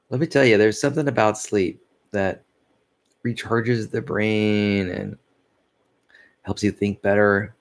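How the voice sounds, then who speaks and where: Slow and gravelly, a lowish-voiced man vlogs in a tired, meandering way, leaving long pauses. His tone stays steady as he yawns, loses his thread and gives soft laughs at his own expense.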